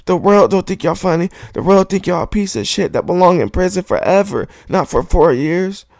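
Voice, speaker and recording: Male podcast host, raised gravel-edged voice, dry close sound, heated and profane. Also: sits high, normal speed, no room sound. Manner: heated, profane, repetitive insistence. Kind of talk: podcast monologue rant. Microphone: studio microphone.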